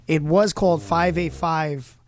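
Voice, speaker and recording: A man hosting a casual talk show from a studio mic, joking and quick to laugh. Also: fairly high pitch, fairly even intonation. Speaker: radio show host.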